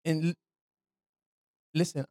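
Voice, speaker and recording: A man's voice: a little high, flat delivery, takes it slowly, mellow, dry recording. A man preaching an informal sermon in a loose, conversational way, often asking his listeners "right?" and dropping "man" into his talk. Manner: slangy, repeats "man" and "right".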